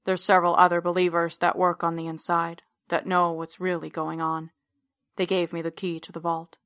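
A brooding, heavyset older man speaks low and close, as if confessing, as a woman narrating a storybook puts him on. His tone is bright and dry, with little rise or fall. He keeps his voice quiet and measured. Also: completely flat delivery, no echo. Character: big older man, brooding cult believer and captor.

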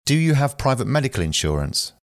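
A man reading short phrases aloud for language learners, slow and careful, one at a time. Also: medium pitch, big pitch swings, no echo, studio quality. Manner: slow, careful, evenly paced phrase delivery. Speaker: phrasebook reader.

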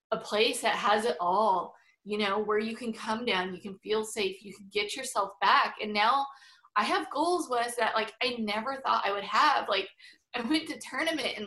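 A woman's voice: fairly high pitch, sharp tone. A middle-aged woman chatting as an interview guest, full of fillers and frequent laughs. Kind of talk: casual interview chat.

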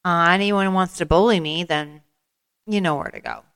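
A woman's voice: lowish voice, normal speed, creaky, fairly bright tone, smooth. A woman hosting her own podcast, telling stories in a rambling, candid, self-deprecating way and acting out the people she quotes. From American Midwest. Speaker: podcast host. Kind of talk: casual storytelling monologue.

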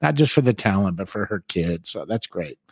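A man's voice: low voice, expressive, a little fast, darkish tone, husky, no room sound, clean studio sound. A man hosting a talk show, rambling through stories and tagging "man" and "you know" onto his sentences. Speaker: show host. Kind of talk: casual talk show chat.

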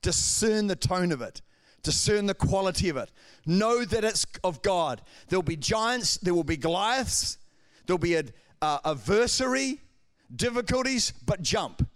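A male pastor with a strikingly high voice preaches with fervor. His delivery moves between calm explanation and raised, urgent passages. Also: measured pace. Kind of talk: sermon.

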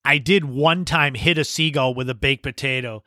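A man's voice: mid-range voice, moderate pace, sharp tone, no echo, studio quality. A man hosting a podcast, telling casual anecdotes and laughing as he goes. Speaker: podcast host. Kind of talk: casual storytelling monologue.

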